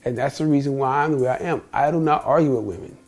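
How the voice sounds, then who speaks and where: A man's voice: medium pitch, fast, a little mellow, faint music behind. A middle-aged man from the United States, telling personal stories in a casual vlog monologue, rambling and acting out what people said. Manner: rambling, repeats himself, quotes people in dialogue. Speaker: vlogger.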